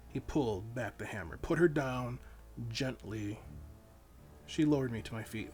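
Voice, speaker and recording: A man's voice: mid-range voice, normal speed, faint music behind. A man reading his own novel aloud in first-person audiobook narration, with dramatic storytelling.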